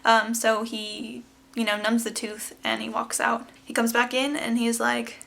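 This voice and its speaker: Here the same kind of twenty-something woman vlogger recounts a personal story on camera, candid and emotional, acting out what others said. The voice is a little high, gravelly and slightly bright, yet the delivery stays completely flat and a little slow.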